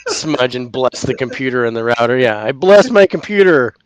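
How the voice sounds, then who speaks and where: A man co-hosting a casual paranormal podcast, telling a story with lively acted-out reactions. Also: mid-range voice, normal speed. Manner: animated storyteller, acts out his own reactions loudly. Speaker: podcast co-host.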